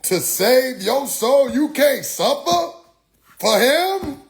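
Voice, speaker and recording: A man putting on the voice of a pushy, preachy male book seller who asks drawn-out, sermonizing questions. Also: extremely high pitch, big pitch swings, gravelly, echoey room, voice pushed up, heavily acted.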